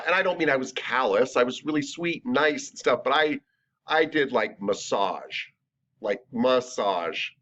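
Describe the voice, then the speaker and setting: A man teaching a massage therapy class in a chatty, animated, jokey way. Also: medium pitch. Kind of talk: classroom lecture. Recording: lo-fi recorded lecture.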